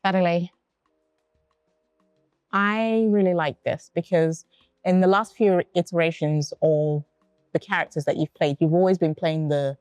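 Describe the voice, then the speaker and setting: Encouraging lower-voiced female judge. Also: steady tone, a little slow, long pauses, a little mellow, clean tone, dry recording, faint music behind. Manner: encouraging, direct coaching. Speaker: talent show judge. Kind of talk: giving performance feedback.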